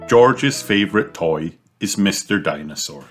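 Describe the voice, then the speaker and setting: A man reading a children's storybook aloud, in a slow, expressive, sing-song way. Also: low voice, soft background music. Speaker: storybook reader.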